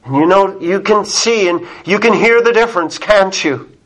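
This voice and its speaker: A man preaching a sermon as pastor, emphatic, moving between loud calls and hushed, low passages. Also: moderate pace, low-quality recording.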